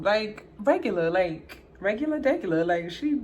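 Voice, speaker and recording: A woman's voice: normal speed, hardly any pauses. A young woman vlogger chatting casually while doing her makeup, acting out both sides of a conversation, with Southern US slang. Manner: animated, acts out both sides of a dialogue, jumps high for her own exclaims. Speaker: beauty vlogger.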